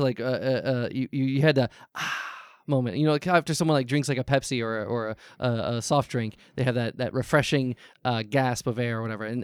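An actor playing a nervous, overly polite advice-show host who stammers constantly, heard over a video call. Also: male voice, medium pitch, dry recording, clean studio sound, natural voice. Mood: probing. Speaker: improv comedy host.

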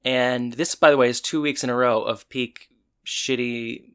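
A man's voice: mid-range voice, fairly even intonation, moderate pace, a bit bright, smooth. A man co-hosting a casual chat, steering the recap along with short asides. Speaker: podcast co-host.

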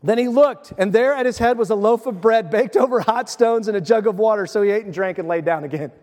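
A male pastor preaching a sermon, telling the story with animated voices and dropping to a soft hush at times. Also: high voice, a little fast, in a large hall.

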